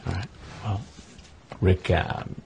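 A man conducting a confrontational news interview, asking calm, measured, pointed questions. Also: sits low, creaky, background noise.

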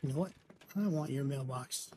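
A man giving casual gameplay commentary as a channel host, chatty and self-deprecating, quick to apologize for his slips. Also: mid-range voice, a little mellow, slight background noise.

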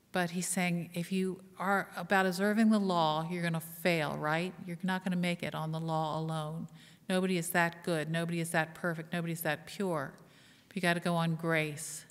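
A woman's voice: on the low side, clean tone, long reverb tail. A woman pastor delivering a conversational sermon, asking the congregation questions and joking at her own expense. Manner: conversational, asks the congregation questions, self-deprecating humor. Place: church sanctuary.

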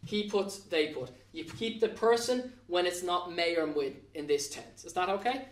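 High-voiced Irish man teaching in an echoey room. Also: expressive, moderate pace. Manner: spells words out letter by letter, coaxing and encouraging. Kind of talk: recorded grammar lesson. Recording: echoey room, mic at a distance.

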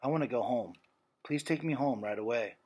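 A man reading aloud, voicing a quiet, embarrassed young girl who speaks softly. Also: medium pitch, fairly quick, husky, pitched below the performer's own voice, close to an everyday voice. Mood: pleading.

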